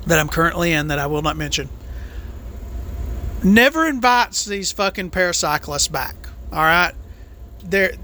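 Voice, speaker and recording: Bright-voiced woman in a profane rant. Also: on the low side, a little hiss or hum. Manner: profane, angry complaining; lively, jumpy delivery. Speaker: podcast host and truck driver. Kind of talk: solo podcast rant.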